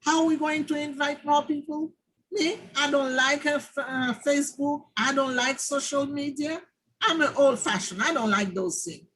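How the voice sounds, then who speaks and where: A middle-aged woman co-presenting informally, animated and acting out the quoted exchanges in her stories. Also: sits high, normal speed, low-quality recording.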